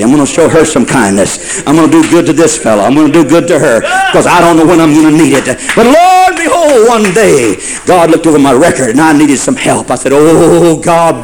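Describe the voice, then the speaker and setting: A man's voice: a little high, darkish tone, low-quality recording. A man preaching a sermon in a folksy storytelling way, building to fervent repeated phrases.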